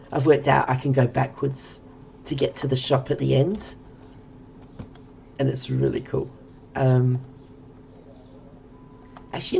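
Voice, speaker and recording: Australian woman, 40s, game streamer; low, strongly gravelly voice, chatty and rambling. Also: dark tone, a little hiss or hum. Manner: chatty and rambling, talking to viewers while playing. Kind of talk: casual let's-play chat.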